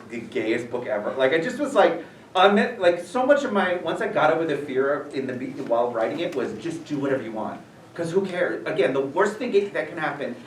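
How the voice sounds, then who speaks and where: Guy answering student questions, chatty and animated, sounds far off in a roomy space. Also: medium pitch, slight background noise. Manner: animated, rambling, lots of fillers. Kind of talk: casual Q&A talk. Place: school room, audience present. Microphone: distant from the recorder. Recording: echoey room, voice heard from far off.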